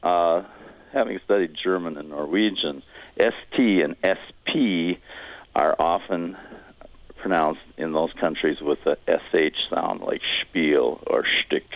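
A man's voice: sits low, unhurried, no room sound. A man from Wisconsin calling in to a radio show, asking his question in a rambling, hesitant way over the phone. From Wisconsin, USA. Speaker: caller. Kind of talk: call-in question. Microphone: telephone. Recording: phone line.

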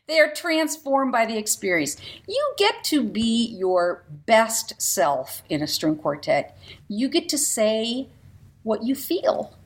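A woman who plays in a string quartet and teaches, speaking as a radio interview guest in an emphatic, expressive way. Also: slow. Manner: emphatic, expressive, with lively pitch swings.

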